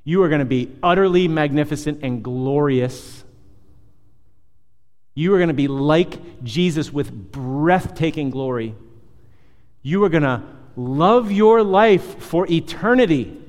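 Pastor preaching in a reverberant hall. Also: male voice, fairly high pitch, a little slow. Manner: animated and conversational, with rhetorical questions and soft asides. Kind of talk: sermon. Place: church hall.

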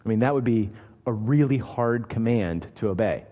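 A man's voice: fairly low pitch, animated, normal speed, mellow. Guy preaching a sermon, leans hard on his points, asks the crowd lots of questions, big echoey church sound. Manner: emphatic, asks the listeners rhetorical questions. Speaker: pastor. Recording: long hall reverb.

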